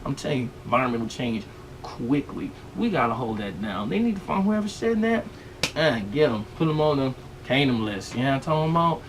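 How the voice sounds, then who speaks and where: A man's voice: medium pitch, sing-song, fairly quick, distant mic, noisy background. A man hosting a vlog, riffing on the news in a rambling, slangy comedic rant and constantly asking if you know what he's talking about. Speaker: vlog host.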